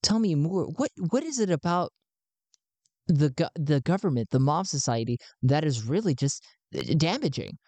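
A man's voice: on the high side, very animated, normal speed, a little mellow, no echo, voice pushed up. A man voicing a zealous anti-government recruiter who talks in a folksy, conspiratorial way. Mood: persuasive. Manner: folksy, conspiratorial, calls people bud.

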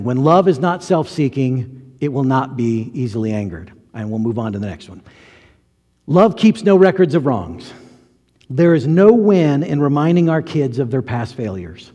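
Male pastor, casual sermon delivery, warm husky tone, reverberant church hall. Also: mid-range voice. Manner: conversational, rhetorical questions, acts out quotes.

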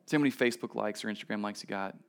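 A man in his thirties preaching a casual, storytelling sermon at a church service, swinging between emphatic lines and quiet asides. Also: lowish voice, rapid-fire, vocal fry. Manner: conversational storytelling, shifts between loud emphasis and soft asides. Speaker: pastor.

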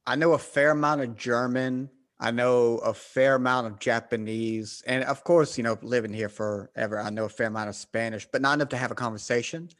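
A man with a Southern American drawl hosts a relaxed conversation. He talks with animated energy and laughs easily. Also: medium pitch, brisk, few pauses. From United States. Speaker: podcast host. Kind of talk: casual chat.

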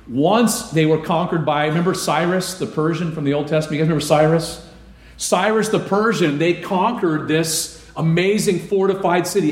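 A man's voice: on the high side, reverberant. A man preaching a sermon as a pastor, asking the congregation questions and answering them himself.

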